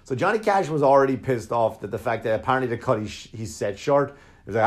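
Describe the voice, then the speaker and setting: A male comedian spinning a loose, swear-heavy anecdote at an easy middle pitch. His delivery wanders and circles back, and he drops into short impressions of the people he meets along the way. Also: moderate pace. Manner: profane, rambling, mimics others in quotes. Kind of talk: casual storytelling.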